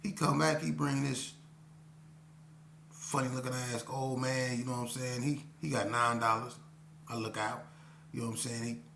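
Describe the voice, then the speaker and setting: A man's voice: medium pitch, flat delivery, moderate pace, gravelly, pauses often, bright, forceful tone. A man telling a personal story in a casual, slangy way, often saying "you know what I'm saying". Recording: roomy echo, faint hum.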